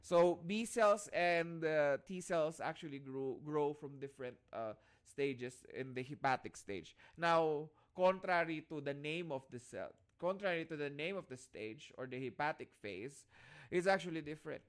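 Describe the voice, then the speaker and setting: A man's voice: fairly high pitch, moderate pace, clear, resonant tone. Filipino man lecturing an online class. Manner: checks in constantly with "all right?"; restarts and repeats phrases as he explains.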